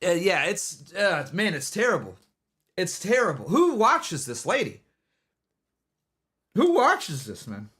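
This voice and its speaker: A man's voice: high-pitched, huge pitch swings, slow, long pauses, a bit bright. A man streaming live, talking loosely in casual commentary, rambling and restarting his sentences over and over. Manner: rambling, repeats himself, lots of restarts.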